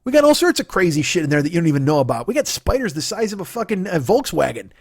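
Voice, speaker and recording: A man's voice: sits high, big pitch swings, quick pace, breathy edge, no room sound, studio quality. A middle-aged man, a comedian hosting his own podcast, ranting solo in a rambling, profane, argumentative way from home.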